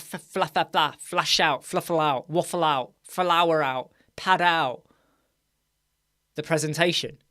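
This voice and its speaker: A man's voice: fairly high pitch, a bit bright. A man with a British accent, tired, hosting a live Q&A stream, rambling, correcting himself and checking in with "right?" as he goes. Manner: rambling, self-correcting, asks "right?" often. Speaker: livestream host.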